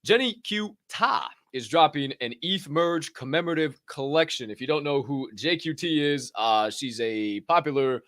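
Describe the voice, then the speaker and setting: A man's voice: a little high, expressive, moderate pace, hardly any pauses, fairly bright tone, no echo. A man hosting a casual crypto news podcast, rambling and profane with lots of fillers and a dry throat. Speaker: podcast host.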